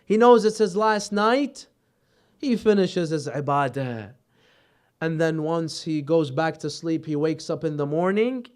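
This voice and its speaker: Male preacher storytelling, dramatic, high clear voice. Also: lively intonation, unhurried. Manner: emotional, dramatic narration. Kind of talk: sermon storytelling.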